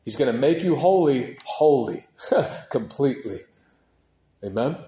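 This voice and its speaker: A man preaching a sermon with passion, moving from hushed, heavy passages to loud, urgent ones, and dropping casual words like dude and man. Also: medium pitch, lively intonation, unhurried, reverberant. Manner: impassioned, swings from hushed to shouting.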